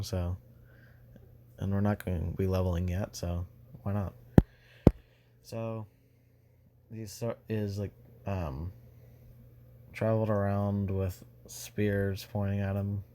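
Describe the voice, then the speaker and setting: A man's voice: deep voice, flat delivery, slow pace, pauses often, warm tone, slight background noise. A young man casually retelling a fan story, rambling with many fillers and restarts.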